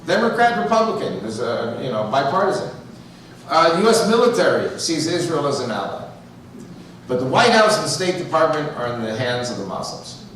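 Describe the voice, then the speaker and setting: A man from the US with a New York accent, guesting at a church, tells chatty stories laced with jokes and quoted dialogue. His fairly high, fairly bright voice swings widely in pitch at a brisk pace, and the distant mic catches sanctuary echo plus a little hiss or hum.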